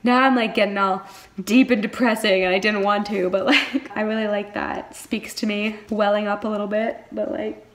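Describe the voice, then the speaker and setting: A woman's voice: mid-range voice, fairly even intonation, moderate pace. A young woman chatting casually on a book vlog, gushing, laughing often and saying "like" constantly. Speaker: book vlogger. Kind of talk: casual chat reading vlog.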